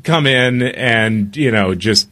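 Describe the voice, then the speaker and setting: A man co-hosting a podcast, telling stories in a casual, animated way and laughing as he talks. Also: medium pitch, takes it slowly. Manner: animated storyteller, laughs while talking. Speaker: podcast co-host. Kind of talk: casual chat and storytelling.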